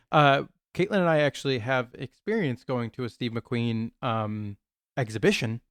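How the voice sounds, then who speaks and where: Man, podcast host; dry humor, smooth resonant voice, close dry mic. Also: medium pitch, a little slow, a bit bright, dry recording. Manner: wry, joking. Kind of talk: casual podcast chat.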